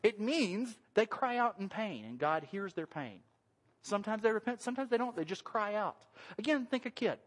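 Man preaching with a lively, joking manner. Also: high-pitched, moderate pace. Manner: animated, conversational, joking with the congregation. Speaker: pastor. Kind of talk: sermon. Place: church sanctuary. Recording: long reverb of a large hall.

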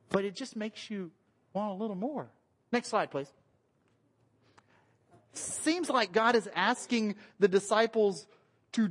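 A man, a pastor giving a relaxed, conversational sermon in church, cracking jokes. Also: high voice. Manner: conversational, joking, acts out quoted voices. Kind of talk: casual sermon with slides.

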